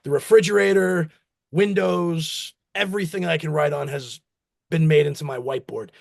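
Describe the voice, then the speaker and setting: There's vocal fry in this slightly high, steady-toned male voice, delivered at normal speed. He's an American founder of a company, rambling through anecdotes in an informal interview and performing his relatives' lines.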